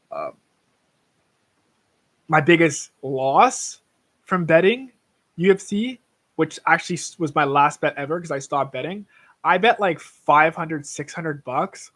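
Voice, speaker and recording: A man's voice: fairly high pitch, a bit bright. A young man hosting a casual livestream, rambling through tangents about sports bets and swearing freely. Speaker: livestream host.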